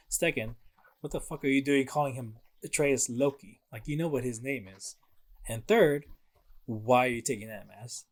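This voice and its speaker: A man's voice: medium pitch, moderate pace. Man, mid-range voice, laid-back podcast co-host, chatty recaps. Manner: relaxed recapping with fillers and laughs. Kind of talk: casual chat.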